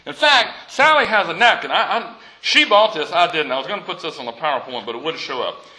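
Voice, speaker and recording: A man preaching a sermon as pastor, reading scripture aloud and speaking in an animated way, with light jokes for his congregation. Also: fairly high pitch, fast talker, low-quality recording.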